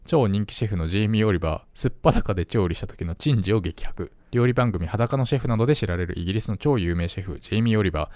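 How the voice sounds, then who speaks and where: A man hosting a casual language-lesson chat, talking in an animated, chatty way. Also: on the low side, dry recording. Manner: animated, quick, chatty with frequent laughs. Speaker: host.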